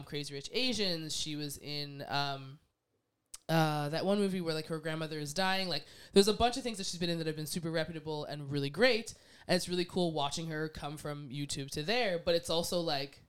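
A woman talking in a casual chat, animated, acting out quoted voices and laughing often. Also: sits low, moderate pace, smooth.

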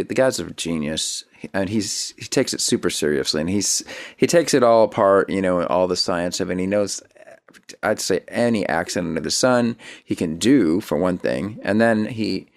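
A man hosting a casual interview, chatty and eager, with quick asides. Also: sits low, expressive, gravelly, no room sound, studio quality. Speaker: interview host.

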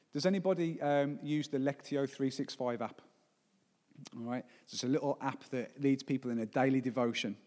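A man's voice: medium pitch, moderate pace, pauses often, a little mellow, in a large hall. A forty-year-old man preaching a sermon as pastor. He speaks with emphasis and often puts rhetorical questions to the congregation. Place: church service.

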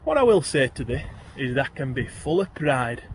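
A man's voice: mid-range voice, big pitch swings, normal speed, slight background noise. A man with a Yorkshire accent reciting his own rhyming poems in broad dialect, with a lilting rhythm. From Yorkshire, England. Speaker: guest poet.

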